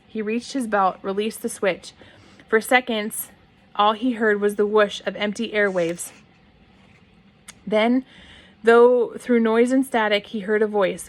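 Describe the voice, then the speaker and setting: A woman reading a novel aloud in a plain manner, with occasional restarts and throat clearing. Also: mid-range voice. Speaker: reader.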